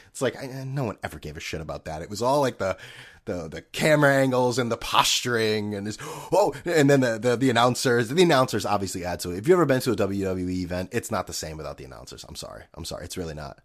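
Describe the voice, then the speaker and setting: A man rants through a solo sports podcast, sarcastic and profane, his voice leaping up and down as he goes. He mocks what he talks about with put-on voices in quick asides. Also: medium pitch, big pitch swings, fairly bright tone. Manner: ranting, sarcastic, profane, mocking voices in quotes. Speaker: podcast host.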